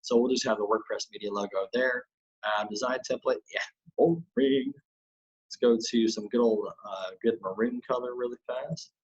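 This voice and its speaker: A man giving a chatty, loose screen-share software tutorial as an online business coach, with lots of fillers and restarts. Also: mid-range voice, fairly even intonation, normal speed, breathy edge, muffled recording.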